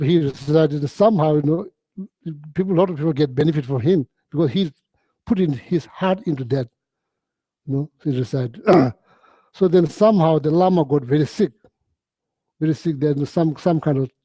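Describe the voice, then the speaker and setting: Man, Buddhist teacher; slightly high, warm voice; halting, chuckly storyteller. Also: dry recording. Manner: halting, repeats words, chuckles often, chatty. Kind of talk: relaxed dharma talk storytelling.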